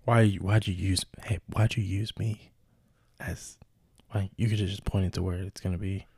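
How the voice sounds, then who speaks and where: A man's voice: deep voice, steady tone, normal speed, vocal fry, a little mellow, husky, dry recording, clean studio sound. A man co-hosting a comedy podcast, trading profane banter. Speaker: podcast co-host. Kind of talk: casual comedic chat.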